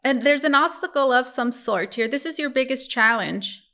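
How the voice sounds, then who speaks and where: A woman's voice: sits high, normal speed, fairly bright tone. A woman reading tarot cards for her viewers in a casual, musing way, talking to them as guys. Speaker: tarot reader.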